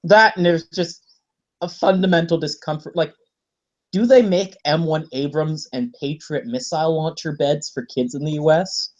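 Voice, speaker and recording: A man's voice: fairly high pitch, steady tone, moderate pace. A man co-hosting a casual podcast, speaking animatedly and laughing often. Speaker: podcast co-host.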